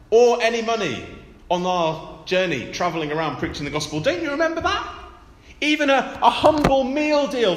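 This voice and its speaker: A man's voice: extremely high pitch, fairly bright tone, roomy sound, big-room sound, pitched above the performer's own voice, full character voice. A man voicing exasperated, grumbling male disciples in a sarcastic, incredulous, complaining tone.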